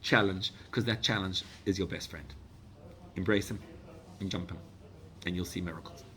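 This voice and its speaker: Animated rabbi preaching, loud to hushed. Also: male voice, low voice, moderate pace, slight background noise. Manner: animated, swings from loud urgent exhortation to hushed intimacy; mixes English with Hebrew and Yiddish phrases. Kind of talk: sermon.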